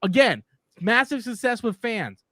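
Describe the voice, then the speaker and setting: A man's voice: very high-pitched, very animated, a little slow, sharp tone, no echo, clean studio sound. A man hosting a live movie talk stream, ranting casually, exasperated, repeating himself and swearing freely.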